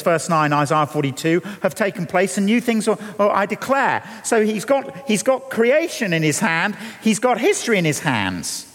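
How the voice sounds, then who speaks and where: A man preaching a sermon, earnest and often halting on restarts as he guides listeners through scripture. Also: high-pitched. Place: church hall. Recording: long church reverb.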